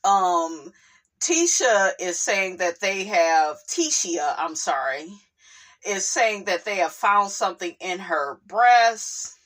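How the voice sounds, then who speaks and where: A woman hosting a casual reality TV recap, talking with sass, drawn-out words and frequent exclamations. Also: mid-range voice. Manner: sassy, animated, drawls and exclaims.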